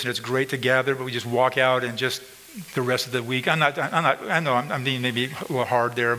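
This pastor's medium-pitched voice is pushed and bright as he preaches emphatically in a church sanctuary, repeating himself and pointing out members of the congregation. The rough recording has a long reverb tail and a bit of hiss or hum.

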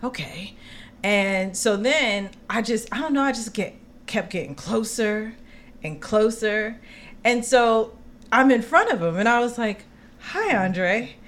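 A woman co-hosting a podcast, telling a personal story in casual chat, acting out quotes with slangy, expressive asides. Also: on the high side, measured pace. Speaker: podcast co-host.

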